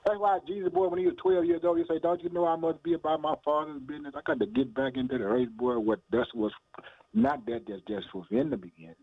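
A man with a slightly high voice preaches a fast-paced radio sermon, firing off rhetorical questions and calling listeners "boy" and "man," with laughs and hallelujahs between lines. There's no echo, though the sound is tinny and phone-like.

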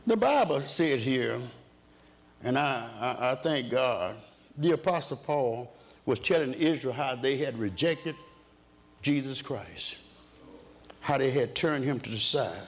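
A man's voice: mid-range voice, lively intonation, slow pace. A man preaching a sermon in a rhythmic way, asking the congregation questions and answering them himself.

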